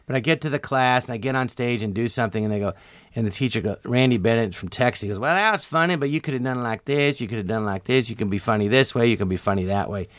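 A man's voice: medium pitch, quick pace, dry recording. A middle-aged man, a guest comedian, telling stories in casual talk and acting out the voices he quotes. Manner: animated, acts out quoted voices. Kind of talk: casual storytelling interview.

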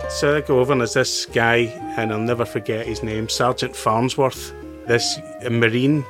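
A man telling a story as a podcast guest in casual talk, swearing freely and getting animated. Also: mid-range voice, normal speed, music in the background. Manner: profane, animated anecdote-teller.

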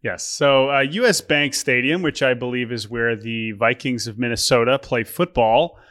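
Young man, podcast co-host, casual chat, animated storytelling, frequent laughs, mid-range voice. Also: medium pitch, moderate pace.

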